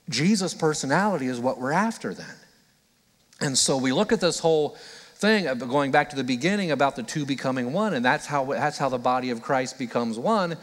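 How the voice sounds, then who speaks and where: A male pastor delivers an earnest, conversational sermon at a middle pitch. He slips into the voices of the people he quotes to act them out. His voice carries a long reverb from a large church hall.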